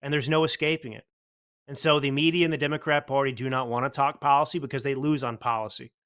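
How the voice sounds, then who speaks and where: A man's voice: mid-range voice, steady tone, fast, fairly bright tone. Blunt, combative male talk host. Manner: blunt, combative, rhetorical questions. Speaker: show host. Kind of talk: political commentary talk.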